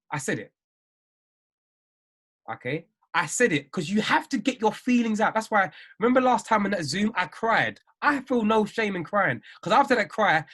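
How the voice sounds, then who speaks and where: A man's voice: sits high, a bit bright. A man giving an emphatic, repetitive motivational live-stream talk as a trading mindset coach. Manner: emphatic, repeats phrases, preachy.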